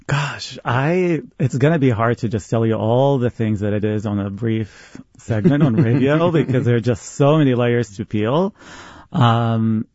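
A man from Qatar tells his story on a radio show, animated and quick to laugh. The sound is dry and close, a bit dull in tone. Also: mid-range voice, no room sound. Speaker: activist guest. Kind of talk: radio interview.

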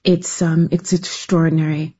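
A woman guest answering interview questions thoughtfully, in measured phrases. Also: deep voice, little pitch movement, dark tone, husky, dull audio. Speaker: guest storyteller.

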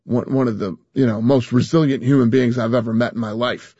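A man's voice: mid-range voice, steady tone, brisk, mellow, husky, dry recording, highs cut off. A man talking as an interview guest, emphatic, often restarting and repeating words. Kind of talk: casual interview talk.

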